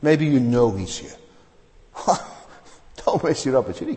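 A male preacher delivers an earnest sermon, his pitch rising and falling in a lively way. He keeps asking the congregation rhetorical questions and stumbles into repeated restarts. The voice rings with the long reverb of a large hall. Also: measured pace. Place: church service.

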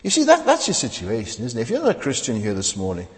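A man's voice: mid-range voice, huge pitch swings, fast talker, a little mellow. A man preaching a sermon at a church service, asking the congregation rhetorical questions and often restarting his words. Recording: long reverb of a large hall.

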